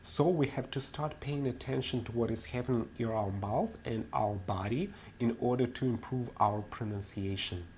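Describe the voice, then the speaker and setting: A man's voice: medium pitch, normal speed, few pauses, a little mellow, slight background noise. A man teaching English pronunciation in a webinar, laying out his principles one by one in an explanatory way. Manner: methodical, explanatory, lists principles step by step. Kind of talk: webinar lecture.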